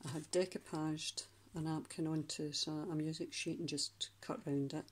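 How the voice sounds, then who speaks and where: A Scottish woman with a low voice talks casually through a handmade journal, page by page. She rambles a little and often stops mid-sentence to hunt for the right word. It is a relaxed craft flip-through, as if she is chatting to the viewer. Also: normal speed, a little hiss or hum. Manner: chatty, rambling, searching for words.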